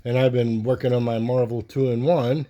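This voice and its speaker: A man talks through his sketches and comic books in a relaxed, rambling way. His voice is warm and mellow, sitting in an ordinary middle register. He chuckles now and then as he goes. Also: medium pitch, moderate pace, lo-fi sound. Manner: rambling, chuckling, reads cartoon captions in silly voices. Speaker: comic collector vlogger. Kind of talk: casual chat showing artwork and comics.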